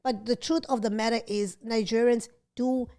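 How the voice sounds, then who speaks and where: A woman co-hosting a casual chat podcast, animated and chatty, laughing often and mimicking others. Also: a little high, normal speed. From South Africa. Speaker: podcast co-host.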